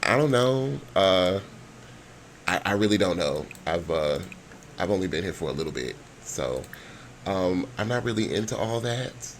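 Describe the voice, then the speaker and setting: A man doing a hesitant young woman, halting. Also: low-pitched, animated, slight background noise. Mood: unsure.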